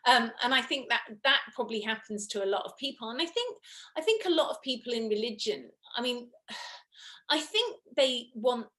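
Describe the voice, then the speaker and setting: A woman guest in a casual spiritual conversation, chatty and lively, often acting out what others said. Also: on the high side, normal speed. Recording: roomy echo.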